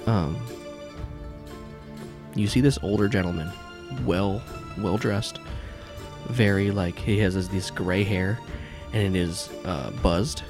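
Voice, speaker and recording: A man narrating as game master in a rather low voice, describing scenes in a loose, rambling way full of "like" and restarts. Music plays clearly in the background. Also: steady tone, slow pace.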